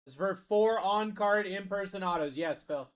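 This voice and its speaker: Man, card break streamer, fairly high voice, hypes picks, casual live chat. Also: normal speed. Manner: calls out picks, hypes spots.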